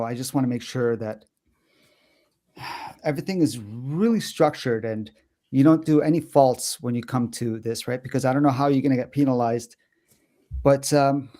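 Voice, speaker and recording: A man in his forties, a guest co-host, talking in a hesitant, halting way in a casual conversation. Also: mid-range voice, mellow. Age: 40s. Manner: hesitant, lots of fillers and restarts.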